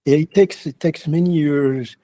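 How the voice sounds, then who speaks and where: Soft-spoken halting yogi with a mellow voice. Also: male voice, on the high side, steady tone, dry recording. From France. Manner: halting, many restarts and fillers, earnest. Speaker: yoga teacher. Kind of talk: reflective interview answers.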